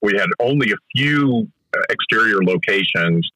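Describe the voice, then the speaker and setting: A man with a bright, forceful voice tells behind-the-scenes stories in an interview. He talks eagerly and keeps restarting his sentences as he goes. The sound is close and dry. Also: fairly low pitch, expressive, normal speed, dry recording, low-quality recording. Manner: enthusiastic storyteller with frequent restarts. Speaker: film director recounting a production. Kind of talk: conversational interview anecdote.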